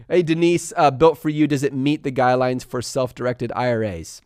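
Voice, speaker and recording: A young man hosting a live stream, chatting fast and laughing as he answers viewer questions. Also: mid-range voice, clean tone, no echo, clean studio sound. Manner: fast-talking. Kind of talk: live Q&A chat.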